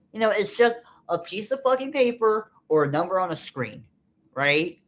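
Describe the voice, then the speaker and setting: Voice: medium pitch, lively intonation, normal speed. Vlogger, casual monologue, angry and profane, rambling delivery with lots of fillers. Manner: frustrated, bitter venting. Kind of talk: unscripted personal monologue.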